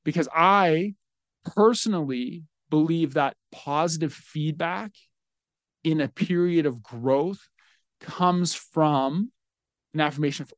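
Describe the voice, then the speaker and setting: An earnest man hosting a solo parenting podcast, coaching listeners on being better dads. His voice sits a little high for a man, and the sound is dry and close. He tells his stories with lively energy. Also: slow, no room sound. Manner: earnest and coaching, with animated storytelling. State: getting emotional. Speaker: podcast host. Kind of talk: solo parenting advice talk.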